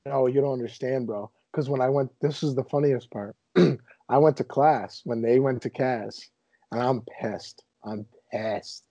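A young man in his twenties hosts a casual podcast and tells stories with lively, mock-indignant flair. His voice is dark and mellow. The recording is dry and a little dull. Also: medium pitch, measured pace, dry recording. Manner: animated storyteller, exaggerated indignation. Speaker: podcast host.

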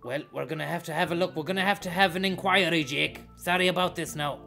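Irish male streamer, rough gravelly voice, joking and chatty. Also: a little high, quick pace, bright, forceful tone, soft background music. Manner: jokey, rambling, thanks donors by name. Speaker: live streamer. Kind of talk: live stream commentary.

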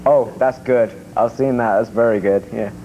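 A male radio co-host in easy morning banter who cracks gags and laughs along with his partner. His voice sits at an ordinary middle pitch. The audio is dull and slightly muffled, with a faint hiss underneath. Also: steady tone, moderate pace. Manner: jokey, tells gags, laughs often.

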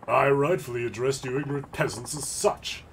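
A man's voice: medium pitch, brisk, creaky, a little hiss or hum, natural voice. A man voicing a haughty, theatrical nobleman with pompous, old-fashioned phrasing while game music plays.

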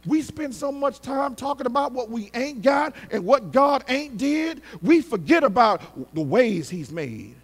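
A male pastor preaching a sermon with great passion, swinging from shouts to hushed tones and calling on the congregation to respond. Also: very high voice, sing-song, unhurried, hardly any pauses, long reverb tail, soft background music. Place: church sanctuary.

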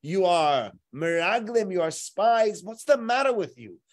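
A man acting out an indignant adult brother from a biblical story, firing off loud, angry rhetorical questions. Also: sits high, very animated, normal speed. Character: exasperated adult male biblical brother pleading.

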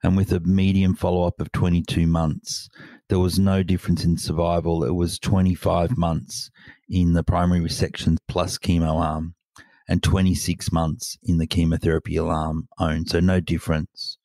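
A man's voice: low-pitched, little pitch movement, normal speed, dark tone, no echo. A man talking through a medical research paper in a conversational way, with hedges and fillers. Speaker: oncologist discussing a paper. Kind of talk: casual expert discussion.

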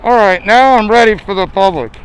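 A man with a high, clear, resonant voice talks a little fast as he livestreams outdoors on a city sidewalk. His rambling chat is crude, jokey and full of profanity, and he sounds winded behind his face mask.

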